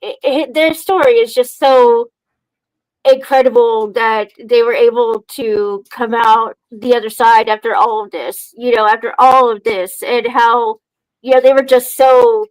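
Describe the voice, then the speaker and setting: Woman on a podcast, kinda high voice, lots of ums and restarts, dry sound. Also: steady tone, unhurried, dry recording, low-quality recording. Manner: hesitant, many fillers and restarts. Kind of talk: casual chat.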